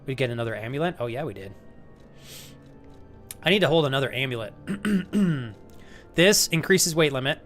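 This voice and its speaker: A man's voice: mid-range voice, lively intonation, moderate pace, pauses often, a bit bright, soft background music. A man streaming a game live, chatting with his viewers, joking, and reading the game text aloud. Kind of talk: live gameplay commentary.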